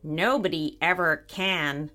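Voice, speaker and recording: A woman's voice: low voice, slow, pushed and bright, pitched below the performer's own voice, exaggerated voice. A woman voicing a proud, formal toy robot. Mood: coolly superior. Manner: formal, clipped, proud pronouncements. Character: stiff boastful alien toy robot, male.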